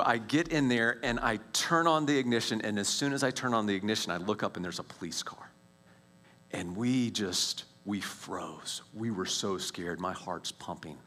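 A man in his forties sharing a personal faith testimony as a story, animated, with many restarts and quiet, hushed stretches at tense moments. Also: lowish voice.

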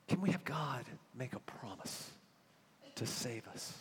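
A middle-aged man preaching a sermon in a church, telling stories and acting out little conversations, then dropping to a soft hushed voice for emphasis. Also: fairly high pitch, unhurried, breathy edge. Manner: animated storytelling, acts out little dialogues, drops to soft hushed tones for emphasis. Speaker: pastor. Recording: long reverb of a church hall.

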